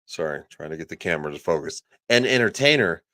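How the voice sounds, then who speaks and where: Crude ranting man, low voice. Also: animated, quick pace, sharp tone, no room sound, studio quality. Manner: crude, sarcastic, reads out chat comments. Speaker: livestream host. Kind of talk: ranting livestream commentary.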